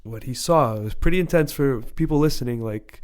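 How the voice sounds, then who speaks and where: A man's voice: medium pitch, fairly quick. Swearing, rambling young man telling a story. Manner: rambling storyteller, swears a lot, acts out voices. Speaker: podcast co-host. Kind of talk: casual podcast chat.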